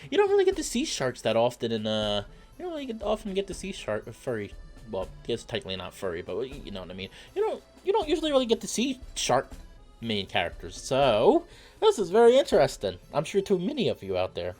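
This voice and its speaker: A man's voice: mid-range voice, huge pitch swings, fast talker, a little mellow, faint music behind. A man giving chatty, self-deprecating let's play commentary as a game streamer, laughing often.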